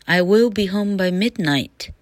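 A woman's voice: mid-range voice, unhurried, no echo, close to an everyday voice. A woman reading the lines of the young girl Cinderella in a raised storybook voice. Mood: grateful.

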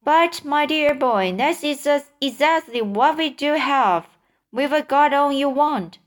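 A woman voicing an old male grasshopper, lively and persuasive, in a storybook reading. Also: high-pitched, takes it slowly, pitched above the performer's own voice. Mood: eager. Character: old green male grasshopper, wise, sharp.

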